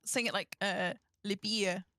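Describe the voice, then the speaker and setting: A woman's voice: a little high, very animated, normal speed, bright, forceful tone, no room sound. A woman co-hosting a game livestream, chatting in a playful, giggly way. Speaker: co-host on a game stream. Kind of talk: casual livestream chat.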